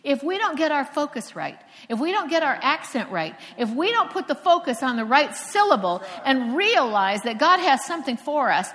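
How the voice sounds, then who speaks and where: A woman from Florida preaching a sermon, telling stories with emphatic pauses. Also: high-pitched, big pitch swings, fairly bright tone. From Florida, USA. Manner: storytelling, emphatic with dramatic pauses. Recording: long hall reverb.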